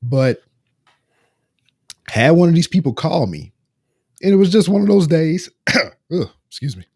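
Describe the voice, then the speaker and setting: A man co-hosting a podcast in casual chat, telling animated stories and swearing freely. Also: on the high side, unhurried, slightly rough, no echo, studio quality. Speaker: podcast co-host.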